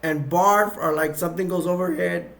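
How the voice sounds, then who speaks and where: A man's voice: high voice, fairly even intonation, normal speed, creaky, a bit bright. A man giving a casual movie plot recap, rambling with frequent restarts and chuckles. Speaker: video reviewer.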